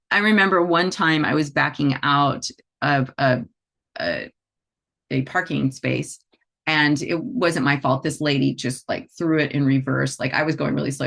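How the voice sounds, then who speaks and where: Low-pitched middle-aged woman, casual teacher who talks things through with the listener. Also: gravelly, fairly bright tone. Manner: chatty, with frequent "you know" and "right?" asides. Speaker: animal Reiki teacher. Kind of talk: conversational teaching talk.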